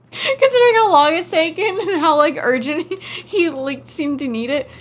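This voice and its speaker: A woman's voice: high voice, expressive, a little slow, a little hiss or hum. A woman co-hosting a casual gaming stream, reading chat aloud, laughing often and swearing freely.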